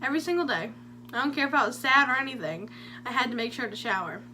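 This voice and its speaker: A woman's voice: a little high, lively intonation, fast, sharp tone, a little hiss or hum. A young woman telling her own stories in a chatty, jokey story-time vlog. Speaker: vlogger.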